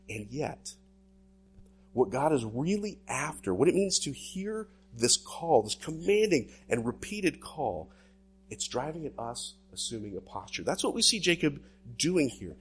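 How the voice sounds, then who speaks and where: A male pastor delivering a sermon in an animated preaching style with sweeping swings in pitch. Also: slightly rough.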